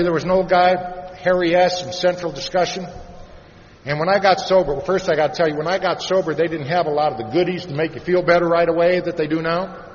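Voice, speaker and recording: A man from Iowa giving a plain-spoken personal recovery talk to a live audience, turning soft and slow on the heavy parts. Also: fairly high pitch. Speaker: recovery meeting speaker. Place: large convention hall. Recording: dull, reverberant hall recording with faint hiss.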